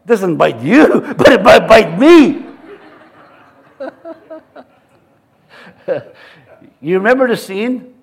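A man's voice: high voice, big pitch swings, extremely slow, gravelly, long pauses, breathy edge. A man preaching a sermon in a church, mixing scripture readings with joking, chuckling asides. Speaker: pastor.

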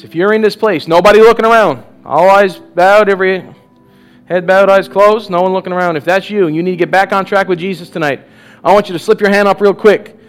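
In a charismatic sermon and altar call before a live church audience, a man urges his congregation forward with repetitive cries of "come on," laughs in bursts and leads them in prayer. His voice sits high with a clean tone.

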